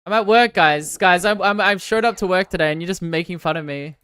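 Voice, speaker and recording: A fairly low, clear, resonant female voice moves a little fast. It belongs to a young Australian streamer from Victoria who reads viewer comments in casual, sarcastic chat, joking and breaking into loud protests.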